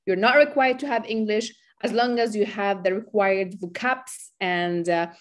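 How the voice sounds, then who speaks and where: A woman's voice: medium pitch, moderate pace. A woman lecturer who speaks Arabic natively, teaching business English on a video call and explaining patiently with examples. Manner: encouraging, explains with examples, frequent fillers. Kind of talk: online lecture with student Q&A.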